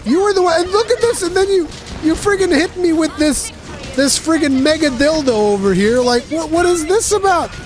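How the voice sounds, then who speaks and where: A big scared monster lord whining high and wobbly, a guy doing the voice, all swoops and squeaks, pleading hard over game music. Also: lively intonation, moderate pace. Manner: whiny, high-pitched pleading.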